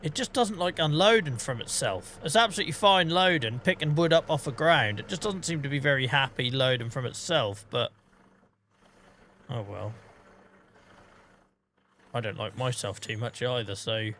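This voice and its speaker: A man's voice: mid-range voice, normal speed, pauses often, a bit bright, a little hiss or hum. A man in his forties chatting casually on a gaming livestream, self-mocking and joking, with light swearing and frequent laughter. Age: 40s.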